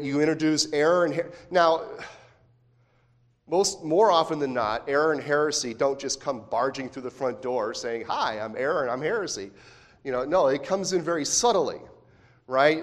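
A man preaching a sermon as pastor, talking in a conversational way with frequent rhetorical questions and restarts. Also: mid-range voice. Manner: repeats words when restarting phrases.

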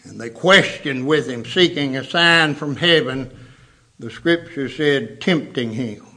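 A man's voice: medium pitch, unhurried, sharp tone. A man preaching a sermon, emphatic, repeating words for stress.

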